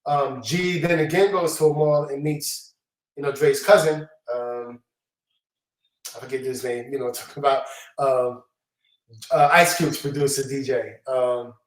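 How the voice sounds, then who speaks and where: A man's voice: mid-range voice, a little slow, recorded from a distance. A middle-aged man, telling stories casually in slangy talk and acting out the quotes. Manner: slangy, animated, acts out quotes. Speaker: hip-hop producer guest. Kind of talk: casual storytelling interview. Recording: roomy, off-mic echo.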